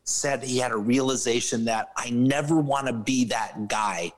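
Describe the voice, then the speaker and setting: Male musician guest, mid-pitched, candid and profane, anecdotal podcast chat. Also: moderate pace, low-quality recording. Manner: blunt, swears freely, tells stories with laughs. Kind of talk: casual podcast conversation.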